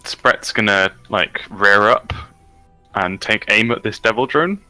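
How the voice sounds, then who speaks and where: A man's voice: lowish voice, unhurried, bright, forceful tone, dry recording, soft background music. A man playing a tabletop game, thinking aloud with hesitant ums. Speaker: player. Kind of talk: casual tabletop game play.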